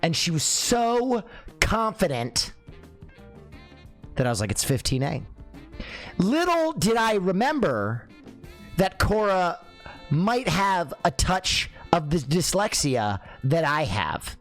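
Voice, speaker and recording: A young adult man telling a comic story in a lively way, acting out the dialogue. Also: slow, soft background music. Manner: lively, acts out dialogue with swinging pitch.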